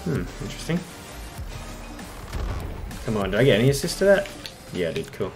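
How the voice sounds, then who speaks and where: A man's voice: on the low side, fairly quick, soft background music. A man with an Australian accent chatting and swearing casually while streaming a tank game. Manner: swearing, animated banter. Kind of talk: casual live-stream chat.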